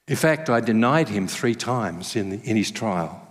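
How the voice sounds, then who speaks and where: A male pastor preaching a sermon at a church service, conversational and self-deprecating, telling stories with lively humor. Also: medium pitch, fairly quick, hardly any pauses. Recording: long hall reverb.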